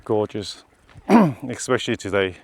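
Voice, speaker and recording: A man's voice: fairly low pitch, very animated, a little slow. A man vlogging outdoors on a rural hillside road, chatting casually and pointing things out to his viewers as he walks. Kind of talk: casual walking tour narration.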